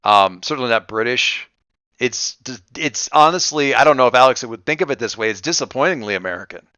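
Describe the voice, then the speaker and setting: A man running a tabletop game, thinking aloud with many halting restarts. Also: medium pitch, animated, sharp tone, clear, resonant tone, dry recording, muffled recording. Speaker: game master.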